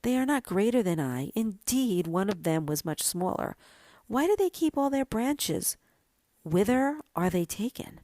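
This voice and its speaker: A woman's voice: mid-range voice, big pitch swings, measured pace, warm tone, no room sound. A woman voicing a young fir tree who is restless and yearning, asking eager, pleading questions in a storybook reading.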